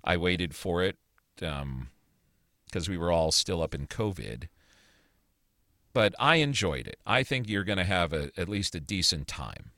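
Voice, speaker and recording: A man's voice: low voice, animated, a little slow, sharp tone, no echo, clean studio sound. A man co-hosting a podcast, chatting casually and reviewing movies with opinionated, rambling talk. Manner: opinionated, rambling with restarts and swearing. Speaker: podcast co-host.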